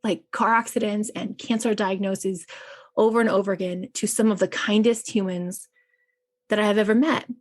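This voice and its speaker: A woman's voice: mid-range voice, steady tone, moderate pace. Earnest woman chaplain telling stories. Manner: earnest, storytelling, with frequent "like". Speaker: chaplain, podcast guest. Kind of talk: personal conversation.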